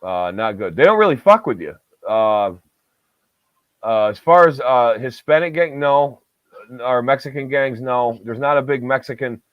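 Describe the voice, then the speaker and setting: A man's voice: mid-range voice, animated, a little slow, dry recording. A man, co-hosting a podcast in a profane, rambling chat packed with filler words. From Southern Tier of New York. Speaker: podcast co-host. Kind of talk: casual chat. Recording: dull lo-fi dry recording.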